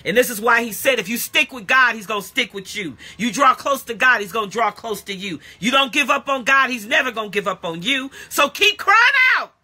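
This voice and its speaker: Husky, lively woman preaching emphatically. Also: fairly high pitch, a little fast, hardly any pauses. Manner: emphatic preaching with repeated exclamations; blunt and colloquial, speaks directly to listeners. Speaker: pastor and prophetic teacher. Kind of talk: live-streamed sermon.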